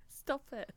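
Giggly bright-voiced woman podcaster. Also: no room sound. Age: young adult. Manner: giggly, laughs often. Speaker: podcast co-host. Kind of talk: casual chat.

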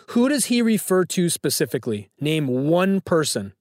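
A man's voice: a little high, big pitch swings, normal speed, darkish tone, no echo, clean studio sound. A man hosting a phone-in trivia quiz, teasing and joking with callers. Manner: playful, teasing. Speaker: trivia show host.

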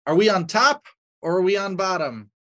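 A man's voice: high-pitched, expressive, moderate pace, pushed and bright. A man reading out lightning-round questions for a podcast dating game in a matter-of-fact way. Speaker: podcast producer.

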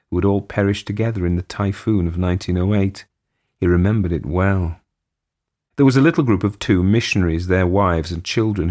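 A man narrating a short story in a measured, steady storytelling manner. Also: sits low. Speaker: audiobook narrator.

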